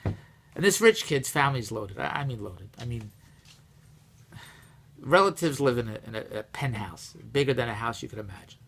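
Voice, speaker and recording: A man telling a casual personal story, rambling and repeating himself, rising and getting louder when exasperated. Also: medium pitch, moderate pace, vocal fry, long pauses, slight background noise. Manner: animated, rises and gets louder when exasperated.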